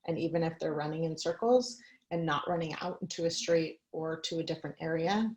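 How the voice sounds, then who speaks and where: Conversational woman speaker, slightly low voice. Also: darkish tone, low-quality recording. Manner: conversational, personal stories, light laughs. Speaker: guest speaker. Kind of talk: presentation on a video call.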